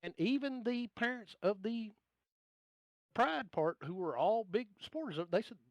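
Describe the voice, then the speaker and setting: A high, lively Southern man with a thick drawl who rants bluntly about whatever's bugging him. His voice swings up and down as he talks, and it sounds close and dry with no room around it. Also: moderate pace, no echo. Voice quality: drawling, gravelly-toned. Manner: ranting, animated, blunt and joking. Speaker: podcast guest. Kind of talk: casual chat.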